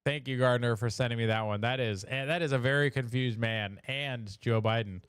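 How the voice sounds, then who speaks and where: A man's voice: mid-range voice, brisk, fairly bright tone, smooth, dry recording, clean studio sound. A man hosting a casual live show, joking about memes in a chatty way and laughing at his own jokes. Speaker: show host.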